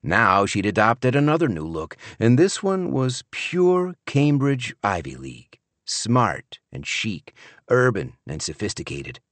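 A man narrating an audiobook in the first person, with an expressive, wry storytelling manner. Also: fairly low pitch, a little slow, no echo.

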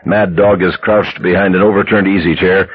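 A man narrating an audiobook in a steady, measured storytelling manner, on a dull lo-fi recording. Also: low voice.

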